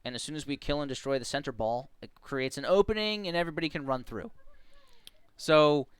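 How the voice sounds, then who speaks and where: Lively streamer storyteller, smooth voice, dry close mic. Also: medium pitch, fairly quick, no echo. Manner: animated, laughing, acts out quotes. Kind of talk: casual storytelling on a live stream.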